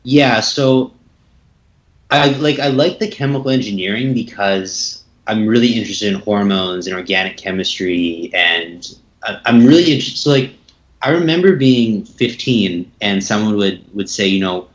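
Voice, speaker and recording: A man's voice: on the low side, normal speed. A young man from Canada, a podcast guest, talking in a casual, chatty way with many fillers and repeated words. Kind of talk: casual interview talk. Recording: echoey room, dull lo-fi sound.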